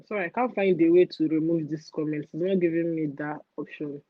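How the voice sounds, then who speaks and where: Young woman, Nigerian accent, animated livestream rant, husky voice, dull dry lo-fi sound. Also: low voice, fairly quick, no room sound. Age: young adult. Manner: animated, ranting, mixes in pidgin phrases. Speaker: livestream host.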